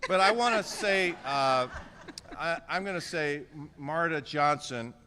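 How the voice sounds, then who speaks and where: A man's voice: on the high side, a little slow, pushed and bright. A man, an outgoing mayor, giving a joking, affectionate and slightly emotional farewell speech at an indoor press conference, thanking people by name. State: a little emotional. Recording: echoey hall with crowd murmur.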